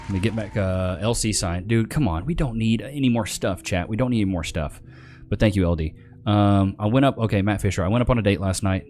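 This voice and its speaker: A low-pitched man hosts a casual live stream, chatting in loose slang and shouting out viewers by name. He speaks into a desk microphone. Soft music plays faintly underneath. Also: fairly quick. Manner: loose, slangy, reads chat names aloud. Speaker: livestream host.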